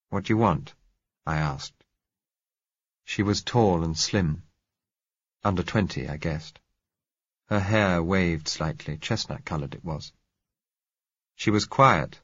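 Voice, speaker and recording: A man narrating a novel in the first person, measured and reflective. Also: deep voice, a bit bright, husky, dry recording, muffled recording. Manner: measured, reflective, rising in heated dialogue. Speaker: audiobook narrator.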